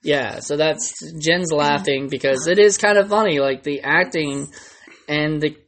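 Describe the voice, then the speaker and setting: Man, podcast co-host, chatty, loose delivery, somewhat high voice. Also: measured pace, a bit bright, slight background noise. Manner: chatty and loose, with many fillers. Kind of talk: casual chat about films.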